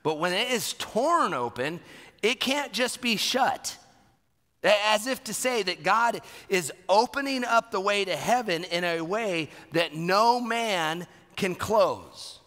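A middle-aged man preaching a sermon as pastor, animated and repeating words for emphasis. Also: high voice, slow pace. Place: church sanctuary. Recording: long hall reverb.

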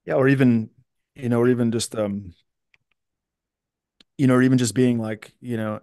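A man coaching in a casual podcast conversation, reflective and quick to laugh, with many restarts. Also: medium pitch, fairly even intonation, warm tone. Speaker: self-mastery coach, guest.

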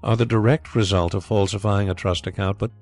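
A man voicing a suave, genial blind gentleman detective, speaking calmly and thoughtfully. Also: on the low side, a little fast, faint music behind, close to an everyday voice. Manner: calm, thoughtful, smoothly assured.

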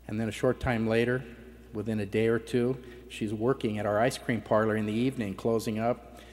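A man's voice: on the low side, a little mellow. A middle-aged man giving a heartfelt personal testimony at a conference, his voice catching with emotion now and then. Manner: emotional, voice breaking at times. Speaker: conference speaker. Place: large conference hall. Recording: long hall reverb.

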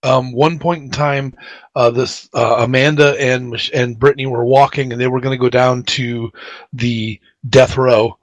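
A man co-hosting a radio show, telling stories in a casual, animated, rambling way. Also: medium pitch, moderate pace, no echo, lo-fi sound.

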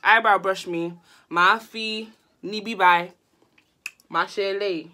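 A woman's voice: mid-range voice, fairly even intonation, a little slow, pushed and bright. A young woman, laughing often as she talks through a makeup tutorial in a casual vlog. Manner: giggly, mixes Yoruba and English. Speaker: vlogger.

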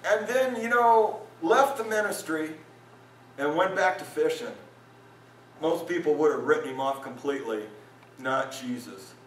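A male pastor preaching a lively sermon at a men's retreat, his voice climbing when he acts out the crowd. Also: unhurried, a little hiss or hum. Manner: animated, voice rises high when acting out listeners. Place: conference hall at a retreat. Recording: roomy hall sound, mic from a distance.

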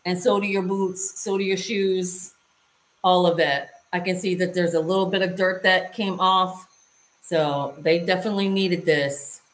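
A woman with a lowish voice talks her viewers through a hands-on demonstration at an unhurried pace, checking in with them as she goes. The sound bounces around a roomy, echoey space. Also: fairly even intonation. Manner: chatty, talks to viewers while working. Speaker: lifestyle vlogger. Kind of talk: casual how-to demonstration. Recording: roomy echo.

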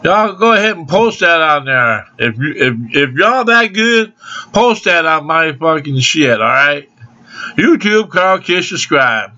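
A man's voice: a little high, expressive, unhurried, bright, forceful tone. A man vlogging in a loose, rambling, drawling way, laughing between lines and breaking into song. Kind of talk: casual rambling vlog with off-key singing. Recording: dull lo-fi home video audio.

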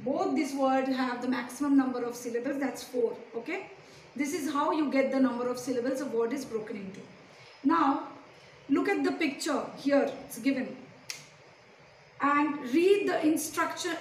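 A woman teacher giving a slow, deliberate lesson to young pupils, asking them many questions. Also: high voice. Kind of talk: recorded classroom lesson. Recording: echoey room, distant mic, faint hiss.

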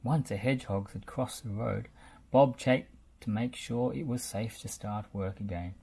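A woman's voice: extremely low pitch, a little slow, vocal fry, dark tone, husky. A woman reading a picture book aloud to a child, patiently answering questions between pages. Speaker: reader.

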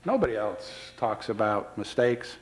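A man's voice: fairly low pitch, expressive, a little slow, poor audio. A man who serves as baseball commissioner, giving a public speech full of anecdotes and delivering them with dry wit. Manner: storytelling with dry wit, retelling quoted dialogue.

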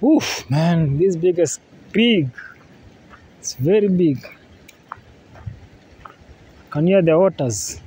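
A man casually narrating a travel vlog outdoors by a river. He talks in a relaxed way, repeats himself, and often says "yeah, man.". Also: a little high, slow, pauses often, husky, poor audio. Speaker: vlogger. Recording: faint outdoor noise.

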